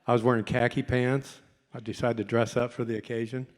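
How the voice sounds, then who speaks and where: Middle aged guy, a doctor, telling a folksy story on stage, makes fun of himself, medium pitch, big hall echo. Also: level tone, a little fast. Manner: folksy, self-mocking storyteller. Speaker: doctor and speaker. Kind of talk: storytelling talk to an audience. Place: convention hall. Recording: long hall reverb.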